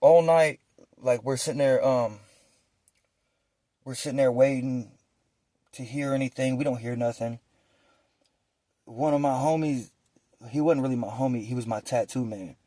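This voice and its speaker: A man's voice: medium pitch, moderate pace, pauses often, dry recording. A young man telling a story from his prison days in casual street slang, acting out the voices of the people in it. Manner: animated street slang, acts out quoted voices.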